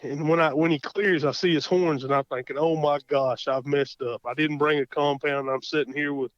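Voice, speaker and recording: A man with an Oklahoma accent, a guest telling a hunting story in a casual interview, folksy and animated, acting out his own thoughts. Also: on the high side, moderate pace, dry recording. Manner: folksy, animated, lots of quoted self-talk. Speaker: guest hunter. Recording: muffled dry podcast audio.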